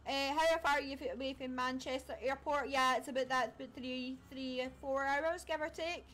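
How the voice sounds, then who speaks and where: High-voiced woman streamer. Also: steady tone, normal speed, a bit bright. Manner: chatty, laughs often, scattered. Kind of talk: casual live-stream chat while gaming.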